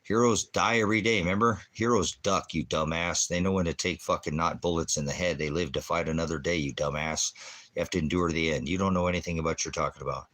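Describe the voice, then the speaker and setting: Low-voiced, profane livestream preacher man. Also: steady tone, fast talker, a bit bright. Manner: profane, insulting, mocking; jumps between jokes and scripture talk. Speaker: livestream ministry host. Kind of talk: livestream rant answering chat.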